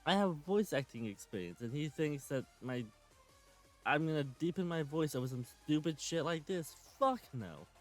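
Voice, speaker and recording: A man's voice: fairly high pitch, expressive, moderate pace, faint music behind. A man in his twenties giving a sarcastic, swearing rant while commenting on clips. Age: 20s. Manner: sarcastic, ranting, swears often. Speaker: commentary channel host.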